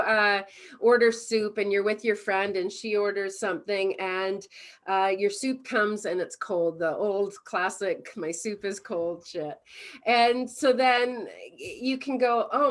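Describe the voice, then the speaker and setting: A woman from Canada, a mindfulness coach, chatting casually as an interview guest, laughing often and acting out everyday scenes. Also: mid-range voice. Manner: animated storytelling, acts out little scenes.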